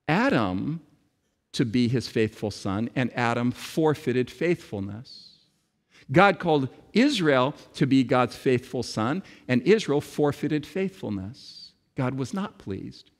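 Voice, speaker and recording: A man preaching a sermon with emphatic delivery, dramatic pauses and repetition. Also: medium pitch, animated. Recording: long reverb of a large hall.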